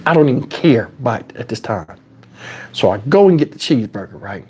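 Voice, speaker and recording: A man telling a story in a casual, animated way, swearing freely and speaking conversationally. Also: mid-range voice, brisk, slightly rough.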